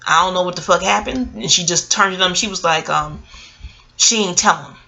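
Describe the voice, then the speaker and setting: A middle-aged woman tells a story straight to the camera, animated and salty. Her voice has a gravelly, fry-laden edge. The tone is bright and forceful. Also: on the low side, brisk, rough recording. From New York City. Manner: animated, profane, talks straight to viewers. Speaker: vlogger and memoir author. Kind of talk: casual storytelling monologue.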